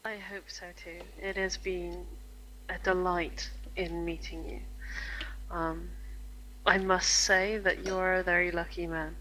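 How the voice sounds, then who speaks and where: A gracious noble lady with a formal, lightly flirtatious manner, as a woman player voices her. Her voice is bright and forward. A faint hum sits behind her. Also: fairly low pitch, little pitch movement, slow pace, rough recording.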